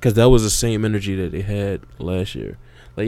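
A man's voice: on the low side, brisk, dark tone, clean tone. A man in casual podcast chat, agreeing and using loose slang.

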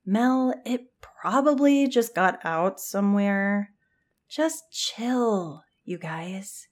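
A woman voicing Jan, an easygoing teenage girl who jokes and calms her friends, in a laid-back tired tone. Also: mid-range voice, extremely slow.

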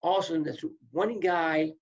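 A man's voice: fairly high pitch, a little fast, dull audio. A man, a former wrestler, telling stories in casual talk and acting out what people said. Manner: animated storyteller acting out quotes. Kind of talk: casual storytelling.

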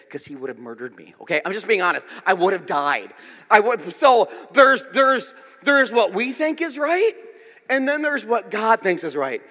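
In a church sanctuary, a male pastor delivers a sermon in a high voice that swoops constantly up and down. His preaching is lively, joking and conversational, with frequent "okay?" check-ins to the congregation, and long reverb makes him ring out as in a large hall.

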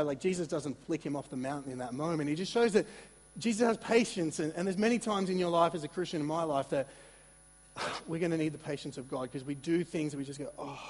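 Male pastor, husky and slightly high, animated sermon in a reverberant hall. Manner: conversational, animated preaching with asides and repetitions.

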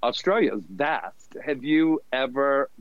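A man's voice: medium pitch, animated, a little slow, no echo. A middle-aged man telling stories as a podcast guest, chatty and laughing often as he goes. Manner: chatty, laughs often, mimics others' voices. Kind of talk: casual storytelling. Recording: dull lo-fi recording.

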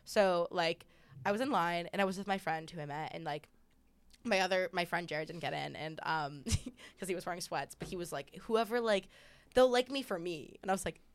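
A woman comedian on a podcast, spinning stories with a giggly, animated delivery. Her voice sits a little low, and she talks in quick bursts of chat. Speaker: comedian guest.

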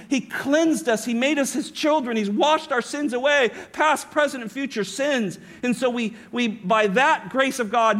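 A man's voice: sits high, a bit bright. A male pastor preaching a sermon, emphatic, often asking his listeners rhetorical questions.

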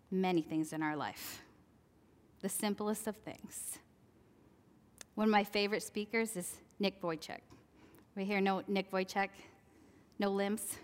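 A woman in her forties giving a chatty devotional talk, laughing at herself and acting out quoted lines. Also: medium pitch. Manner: chatty, laughing asides, animated quoting. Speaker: Christian speaker. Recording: long hall reverb.

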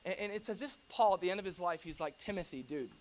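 A man preaching a sermon to his church in a conversational, animated way, with humorous asides to the congregation. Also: sits high, quick pace. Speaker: pastor.

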